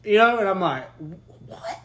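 A man's voice: mid-range voice, expressive, a little fast. A young man co-hosting a podcast, telling a rambling, profane story in casual chat and laughing as he goes. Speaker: podcast co-host.

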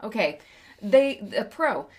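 A woman's voice: medium pitch, big pitch swings, takes it slowly, husky. A woman co-hosting a casual movie review podcast, opinionated and profane, with a frog in her throat. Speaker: podcast co-host.

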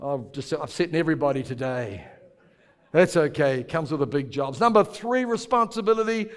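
Male pastor, sermon delivery, playful with the crowd, slightly higher voice, long hall reverb. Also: lively intonation, fairly quick. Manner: playful, jokes with congregation, asks them to repeat words.

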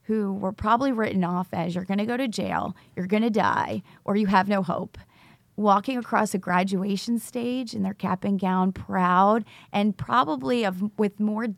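Animated storytelling woman, dry close sound. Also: mid-range voice, moderate pace, gravelly, no room sound. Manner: animated storyteller acting out quoted dialogue. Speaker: teacher, recovery school founder. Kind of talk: interview storytelling.

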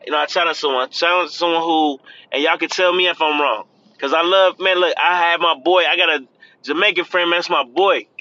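A man's voice: fairly high pitch, steady tone, a little fast, sharp tone, lo-fi sound. A man giving casual, earnest pep talk while driving, repeating himself and calling the listener "man". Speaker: podcast host. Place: in a car, driving.

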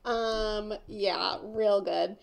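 A woman's voice: mid-range voice, vocal fry. Giggly woman podcast co-host. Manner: playful, giggly. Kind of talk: casual chat.

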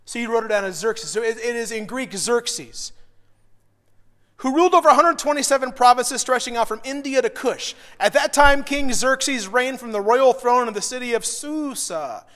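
Animated high-voiced male preacher in reverb. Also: moderate pace. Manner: emotional, animated, swings from loud to hushed. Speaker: pastor. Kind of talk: sermon teaching.

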